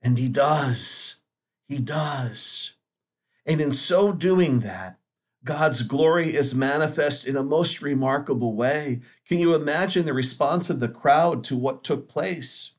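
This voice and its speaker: A man speaking as a Catholic priest, giving a Sunday homily in an earnest, measured way with dramatic pauses. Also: a little high.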